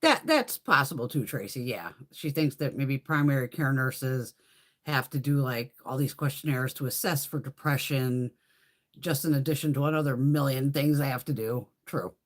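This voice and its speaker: With a rumbling low voice, lively intonation and a moderate pace, an American woman hosts a makeup livestream. She casually reads out viewer comments, blunt and quick to laugh, with plenty of swearing.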